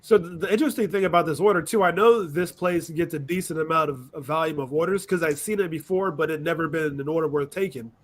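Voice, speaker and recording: A man's voice, a little higher than most, rushes along as he tells stories on a casual panel. His pace is brisk throughout. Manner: quick, storytelling. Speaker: delivery driver panelist.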